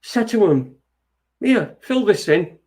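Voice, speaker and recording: A man's voice: high voice, very animated, takes it slowly, darkish tone. A man hosting an internet radio show, ranting in a sweary, agitated, rambling way with many restarts. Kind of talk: ranting monologue.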